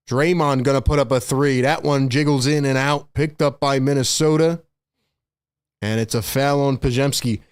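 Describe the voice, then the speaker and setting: Talking directly to his viewers, a young streamer delivers eager, out-of-breath play-by-play as it happens. The tone is clean, the pitch middling, and the pace normal.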